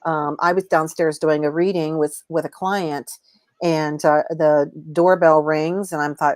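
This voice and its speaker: Rambling woman, low and dry. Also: steady tone, unhurried, darkish tone, dry recording. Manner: rambling, with many restarts. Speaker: guest, intuitive reader. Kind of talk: casual live chat.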